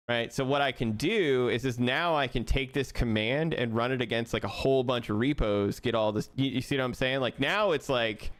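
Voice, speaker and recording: A young man live-streaming as he codes, talking casually to his chat, laughing often and thinking out loud with restarts. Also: mid-range voice.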